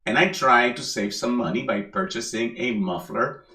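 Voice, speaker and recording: A middle-aged man giving a sermon as a minister, relaxed and joking, repeating key phrases for emphasis. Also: mid-range voice, moderate pace. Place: church hall. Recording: echoey hall.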